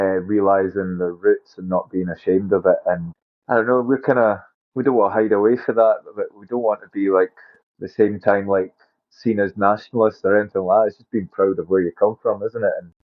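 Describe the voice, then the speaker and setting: Glaswegian man, low and blunt, sweary, tinny phone-line sound. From Scotland. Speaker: band member. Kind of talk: casual interview chat.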